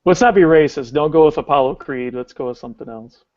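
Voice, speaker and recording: A man's voice: a little high, fast, darkish tone. A man hosting a casual podcast chat, asking teasing, joking questions. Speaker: podcast host. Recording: dull lo-fi audio.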